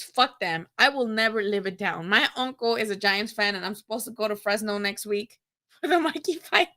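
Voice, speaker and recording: A young woman hosting a casual boxing livestream, rambling, animated and profane. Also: mid-range voice, normal speed. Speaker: boxing channel host.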